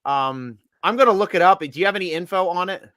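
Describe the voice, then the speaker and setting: A man's voice: sits high, quick pace, bright, forceful tone, dry recording, clean studio sound. A man hosting a casual podcast chat, joking and laughing often, hyping up guests. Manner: jokey, laughs a lot, announcer-style guest intros. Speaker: podcast host.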